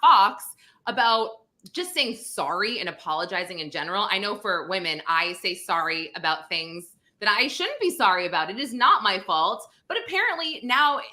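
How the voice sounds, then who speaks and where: Casting: bright, sharp-toned female host, rambling casual chat on a video call. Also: medium pitch, lively intonation, normal speed. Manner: chatty, rambling with fillers. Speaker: podcast host.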